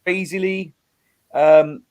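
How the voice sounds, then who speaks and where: A middle-aged Englishman with a voice pitched a little high talks in a casual interview. He is earnest and thoughtful, and often repeats words as he restarts his sentences. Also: steady tone, slow, a little mellow, highs cut off. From England. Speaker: rock musician guest.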